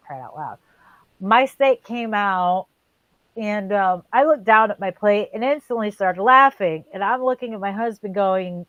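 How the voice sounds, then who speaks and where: A woman's voice: mid-range voice, no room sound, lo-fi sound. A woman co-hosting a casual chat, telling a funny story with lots of swearing and acted-out voices. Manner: animated storyteller, swears freely, acts out voices. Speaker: co-host.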